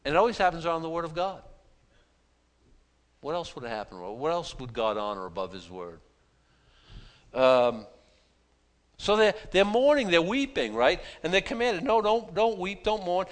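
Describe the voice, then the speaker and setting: A man preaching an expository sermon, animated, with frequent restarts and acted-out pleas. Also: a little high, normal speed, pauses often. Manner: animated, dramatizes pleas in voiced asides; frequent restarts and repeated words. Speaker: pastor.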